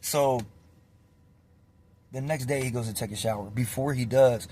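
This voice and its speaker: A man's voice: mid-range voice, normal speed, a little hiss or hum. A young man telling a casual, profane story, acting out what others said. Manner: animated, swearing, acts out quotes.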